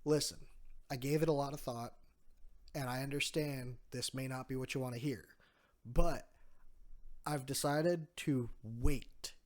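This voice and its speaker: A soft-spoken young ruler explains a careful choice in a low, quiet voice, as a man reads him out. The delivery is measured and sincere. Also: fairly even intonation, lightly acted. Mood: solemn.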